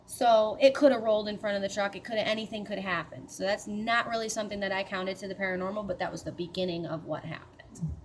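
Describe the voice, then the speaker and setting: A woman's voice: mid-range voice, steady tone, fast talker, a little hiss or hum. Woman, casual storyteller, profane and chatty, skeptical edge, mid-range voice. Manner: chatty and profane, with many fillers and asides; mildly skeptical, matter-of-fact. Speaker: storyteller recounting a paranormal experience.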